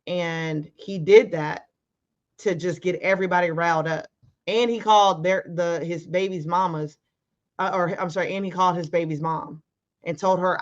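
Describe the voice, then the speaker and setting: A woman's voice: on the low side, normal speed. Emphatic woman recounting a story, lo-fi. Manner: emphatic, animated, acts out quoted arguments. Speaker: interview guest. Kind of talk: casual storytelling.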